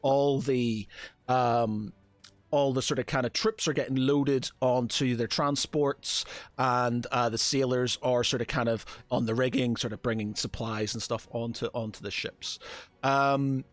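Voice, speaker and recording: A man's voice: mid-range voice, fairly even intonation, a little slow, no echo. Hesitant man running a tabletop game. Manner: hesitant, full of "sort of kinda". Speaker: game master.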